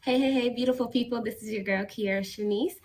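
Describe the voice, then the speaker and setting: A woman's voice: on the high side, fast talker, over loud music, poor audio. A woman who is a teacher, vlogging casually from her apartment with a chatty, rambling manner full of ums and likes. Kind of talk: casual vlog to camera. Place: apartment, indoors.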